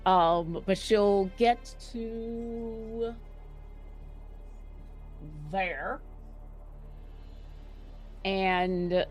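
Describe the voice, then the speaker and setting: Woman player, describes her character's moves, slow unhurried pace, mid pitch, faint music behind. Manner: descriptive, rambling with restarts and fillers. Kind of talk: narrating her character in a tabletop game.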